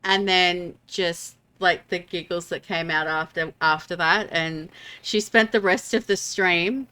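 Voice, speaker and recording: A woman's voice: medium pitch, normal speed, sharp tone, clear, resonant tone. A woman streaming a game, chatting casually and rambling with many fillers and restarts. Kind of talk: casual gameplay chat.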